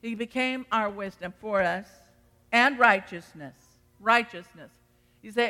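A woman's voice: medium pitch, unhurried, bright, forceful tone. A middle-aged woman pastor preaching a sermon, emphatic and acting out the voices she quotes. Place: church sanctuary. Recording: long reverb of a church hall.

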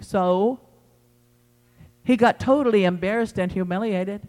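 A man's voice: sits high, normal speed, long pauses. A man preaching a sermon to his congregation, emphatic and repeating his phrases as he addresses the church. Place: church sanctuary. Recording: long hall reverb in a church.

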